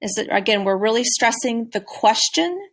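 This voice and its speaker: A woman teacher giving a recorded presentation on a classroom game, speaking clearly and encouragingly. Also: fairly high pitch, lively intonation, moderate pace, a bit bright. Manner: clear, encouraging, with modeled questions.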